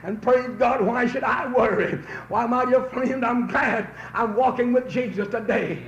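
A man preaching a revival sermon, telling folksy stories that build into fervent shouts. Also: very high-pitched, measured pace. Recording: roomy, dull old recording with faint hiss.

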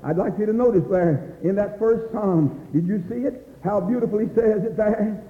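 A man preaching a fervent revival sermon, crying out praise, repeating "my dear friend," and rising into shouts. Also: sits high, a little hiss or hum. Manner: rises into shouts and slows for emphasis. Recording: dull, echoey hall recording.

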